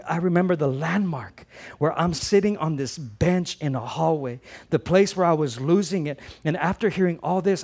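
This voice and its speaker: A middle-aged man preaching a sermon as pastor, telling a personal story with passion, swinging from loud to hushed. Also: fairly high pitch.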